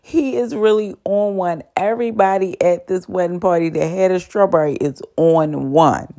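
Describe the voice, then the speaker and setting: A woman in a casual, animated TV episode recap, chatting and laughing often. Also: lowish voice, normal speed.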